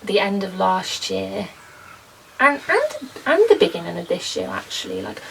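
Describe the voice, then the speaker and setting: Young female garden vlogger, very gravelly low-fry voice, a bit off-mic, faint room noise, chatty and rambling. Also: very animated, normal speed, distant mic, rough recording. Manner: chatty, rambling, lots of ums and soft laughs. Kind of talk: casual chat to camera. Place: garden potting shed.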